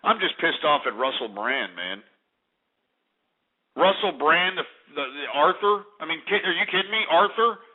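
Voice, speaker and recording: Angry ranting radio host, tinny. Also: male voice, fairly high pitch, animated, moderate pace. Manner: angry, profane, rambling. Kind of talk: ranting talk radio monologue. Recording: tinny phone-like radio archive.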